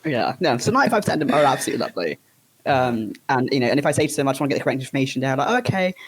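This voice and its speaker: A man co-hosting a podcast, telling stories in an animated, gushing way. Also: medium pitch, racing, husky, rough recording. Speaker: podcast co-host. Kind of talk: casual chat.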